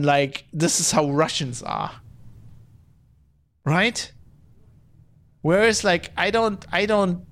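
Rambling, profane male podcast host. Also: high voice. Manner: rambling, profane, many restarts and fillers. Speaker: podcast host reading chat comments. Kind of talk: casual opinion rant.

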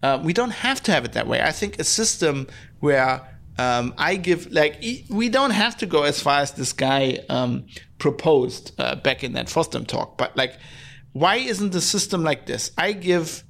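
A man's voice: fairly high pitch, expressive, measured pace, gravelly, fairly bright tone. A man hosting a podcast, ranting in blunt, sarcastic casual commentary, swearing freely and restarting his sentences often. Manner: frequent fillers and restarts. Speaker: podcast host.

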